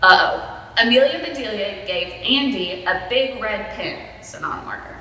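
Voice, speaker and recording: A woman reads a children's picture book aloud, stopping for chatty asides to her listeners. Her voice is bright and very lively in pitch. It sounds like a distant mic in a big, echoing hall. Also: normal speed. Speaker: storyteller reading to children. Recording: echoey hall, voice from far off.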